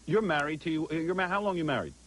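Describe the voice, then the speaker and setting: A man's voice: a little high, animated, fast talker, fairly bright tone. A man hosting a radio show, bantering bluntly and teasing his guest with crude jokes. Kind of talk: casual radio talk. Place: radio studio.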